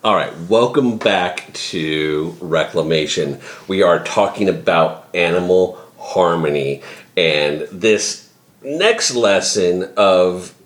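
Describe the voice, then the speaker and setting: A man's voice: low-pitched, lively intonation, takes it slowly, soft background music. A man hosting a podcast, chatting casually and often repeating words as he goes. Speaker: podcast host. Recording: roomy echo.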